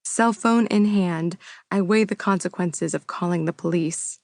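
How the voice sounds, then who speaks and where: A woman's voice: lowish voice, unhurried, darkish tone, no room sound, studio quality. A woman narrating a first-person romance audiobook with an intimate, emotional reading.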